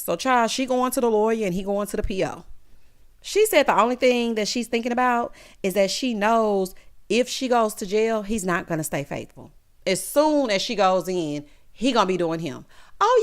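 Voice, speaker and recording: A woman giving a casual, sassy recap of a reality show, talking straight to her viewers. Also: mid-range voice.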